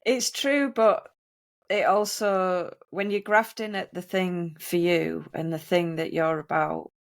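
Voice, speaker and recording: A woman's voice: lowish voice, steady tone, slow pace, vocal fry. A woman hosting a casual podcast interview, affirming her guest and asking follow-up questions. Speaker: podcast host.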